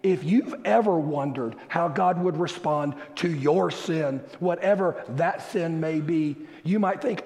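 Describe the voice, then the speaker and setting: A male pastor delivers his sermon at a deliberate, unhurried pace, leaning on key words and then dropping to hushed, low phrases. His voice sits somewhat high for a man. The long reverb of a large church hall trails after each line. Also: vocal fry. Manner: slow, emphatic preaching with dramatic drops to soft low tones.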